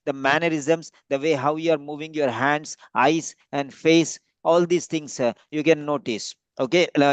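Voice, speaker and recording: A man's voice: fairly high pitch, clear, resonant tone, no room sound. A man tutoring a speaking-test candidate, giving patient, repetitive feedback with frequent fillers. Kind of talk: giving feedback in a practice session.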